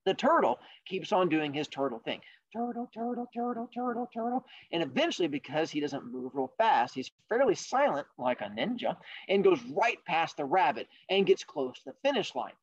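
A man hosting a podcast, telling a fable in a casual, jokey, animated way. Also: a little high, moderate pace, slightly rough, highs cut off. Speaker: podcast host. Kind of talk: casual storytelling.

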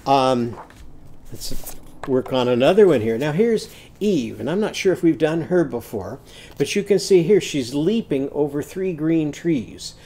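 A man's voice: a little high, expressive, measured pace, warm tone, slight background noise. A man teaching a phonics lesson, chanting letter sounds in a sing-song way and explaining the activities.

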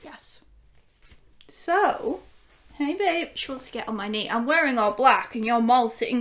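A woman with a fairly high voice records a casual unboxing vlog from home. She talks in an unhurried, drawn-out way, gushing with excitement and chatting to her dog between thoughts. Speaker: vinyl collecting YouTuber.

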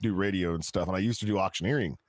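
Fast-talking man on a panel. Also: deep voice, no echo. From Ozarks, Missouri. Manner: joking, switches into a thick hillbilly drawl. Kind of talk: casual group chat.

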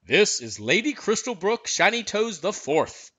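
A formal, courteous head groom from a storybook, played by a dad. He speaks a little higher than the reader's own voice, stiff and proper. The sound is bright and dry. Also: big pitch swings, measured pace, husky, exaggerated voice. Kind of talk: storybook reading.

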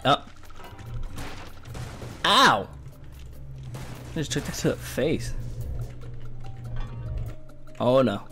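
A young man giving goofy, exclamatory commentary while playing a game, jumping between loud yelps and low mutters. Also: big pitch swings, extremely slow, pauses often, music in the background. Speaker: gamer.

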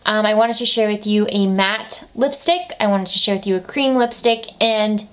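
A woman in her twenties talking to the camera in a relaxed, chatty way, full of "like" and "I feel like," recommending products. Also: mid-range voice, normal speed. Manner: chatty, lots of "like" and "I feel like", laughs easily. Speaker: beauty vlogger.

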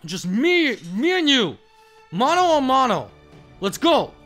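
A man giving casual let's-play commentary, excitable, with loud outbursts and cursing. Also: very high-pitched, takes it slowly, soft background music. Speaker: gaming commentator.

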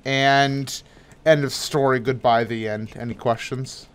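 A young man hosting a casual gaming chat, playful and goofy, quick to apologize. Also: medium pitch, steady tone, clean tone. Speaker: host of a gaming channel.

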